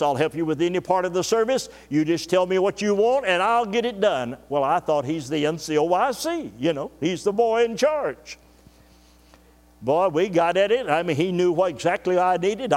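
An older man preaching, telling a personal story in a folksy way and acting out the voices of the people in it. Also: high-pitched. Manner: folksy, acts out quoted dialogue. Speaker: pastor. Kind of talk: sermon storytelling. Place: church sanctuary. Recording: long church reverb.

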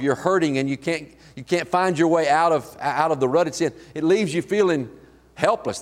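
Male pastor, somewhat raised pitch, rambling folksy sermon delivery, recorded in a church with long reverb. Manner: folksy, halting storytelling with many restarts. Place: church sanctuary.

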